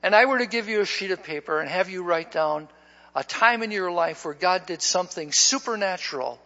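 High, bright-voiced preacher telling a story. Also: male voice, expressive, a little fast. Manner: folksy, repeats his words when starting a line. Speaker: pastor. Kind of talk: storytelling sermon. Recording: dull lo-fi recording in a reverberant hall.

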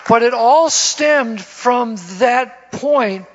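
High-voiced man telling his testimony. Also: unhurried, fairly bright tone. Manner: storytelling, folksy, laughs at himself. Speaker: guest speaker giving testimony. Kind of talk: sermon testimony. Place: church. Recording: dull lo-fi church recording with long reverb.

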